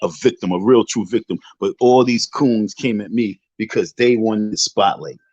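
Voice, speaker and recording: A tipsy man from Southside Jamaica, Queens, New York, hosts a livestream and taunts rivals in an unscripted rant packed with slangy street talk. His voice is lowish and darkish, at a moderate pace. The stream audio is dull and lo-fi, with no room sound.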